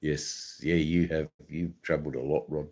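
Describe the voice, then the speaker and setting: A middle-aged Australian man with an Australian accent, hosting a relaxed, rambling live stream and chatting with viewers, with many ums and restarts. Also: very deep voice, moderate pace. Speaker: livestream host. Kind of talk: casual live-stream chat, reading viewer comments.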